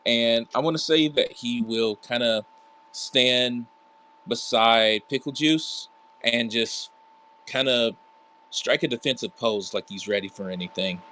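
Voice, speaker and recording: A man's voice: mid-range voice, unhurried, bright, forceful tone. A man playing a tabletop game, thinking aloud hesitantly about his character's next move. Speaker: player. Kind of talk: casual tabletop play.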